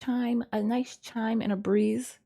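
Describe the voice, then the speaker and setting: A woman's voice: on the high side, level tone, slow pace, gravelly, dark tone. A woman teaching a casual lesson, thinking aloud in a rambling, hesitant way with frequent ums and self-corrections. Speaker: course instructor.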